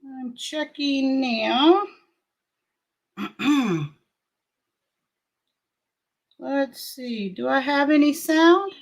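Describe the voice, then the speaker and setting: A woman's voice: sits high, expressive, very slow, creaky. A middle-aged woman hosting a casual livestream, chatting and greeting viewers by name with frequent laughs. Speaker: livestream host.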